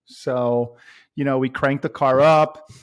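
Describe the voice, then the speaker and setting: A man talking loosely on a podcast, his voice pitched in an ordinary middle register. His speech rambles, full of fillers and false starts. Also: fairly even intonation, slow pace. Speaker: podcast guest telling a travel story. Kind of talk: casual podcast chat.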